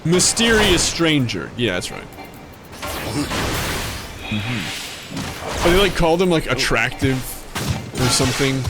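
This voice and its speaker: A young man narrating his gameplay in loose, joking commentary, swearing now and then. His pitch rises and falls a lot around a mid-height voice. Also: animated, takes it slowly, pauses often, over music. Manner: joking, swearing, rambling asides. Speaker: streamer.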